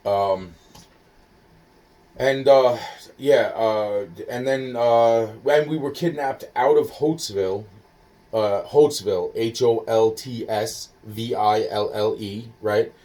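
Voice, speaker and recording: A man on a phone call, rambling and halting, full of fillers and swearing, slowly spelling things out while sounding foggy and hungry. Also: mid-range voice, steady tone, dark tone, far from the mic. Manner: halting, filler-heavy, scattered. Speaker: caller.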